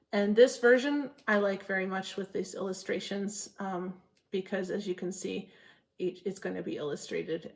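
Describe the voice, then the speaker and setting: A woman's voice: medium pitch, creaky. A woman from Maine, a cross-stitch vlogger and teacher, chatting earnestly to camera and rambling with self-corrections. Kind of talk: casual chat to camera.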